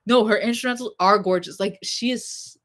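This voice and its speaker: In a mid-range voice at a normal pace, a young female vlogger rambles through a casual chat about the music that moves her, full of fillers and laughing asides.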